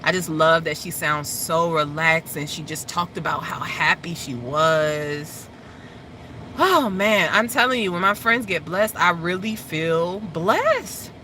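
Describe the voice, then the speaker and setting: Woman, casual chat host, animated storyteller, laughs a lot, bright tone, wide-ranging pitch. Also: slow, a little hiss or hum. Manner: animated storytelling, laughs often, squeals in excitement.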